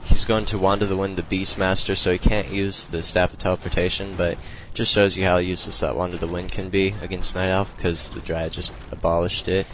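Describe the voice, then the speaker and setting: A man's voice: low-pitched, level tone, a little fast, hardly any pauses, a bit bright, slight background noise, low-quality recording. A young man casually talking through a strategy game replay, explaining moves in a loose, rambling way with many fillers. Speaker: replay commentator.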